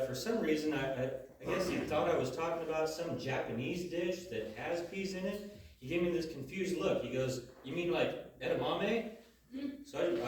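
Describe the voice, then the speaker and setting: A man in his thirties doing a stand-up comedy set, halting and full of uhs and restarts. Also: a little high. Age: 30s. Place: comedy venue before a live audience. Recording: echoey room, voice from a distance.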